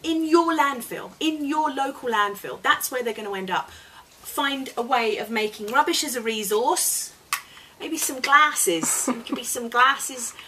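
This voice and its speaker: A woman's voice: high voice, a little slow, sharp tone, slight background noise, low-quality recording. A woman guest chatting earnestly as an eco campaigner, laughing often, recorded at a home dining table. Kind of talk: casual chat. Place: home dining room, indoors.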